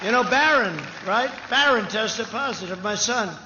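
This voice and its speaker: A man's voice: sits high, lively intonation, moderate pace, a crowd in the background, noisy background. A man giving an off-the-cuff rally speech, rambling and boastful with digressive asides. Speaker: speaker at a political rally. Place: large rally venue. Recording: echoey lo-fi rally sound system.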